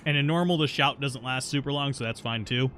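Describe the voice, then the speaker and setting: A man narrates his own live game stream in a loose, conversational way, answering viewers' questions as he plays. He jokes about his own stubbornness, and his voice sits in an ordinary middle pitch. Quiet music plays faintly in the background. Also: brisk. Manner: chatty, stubborn and self-mocking, answering chat between plays. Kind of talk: casual live gameplay commentary.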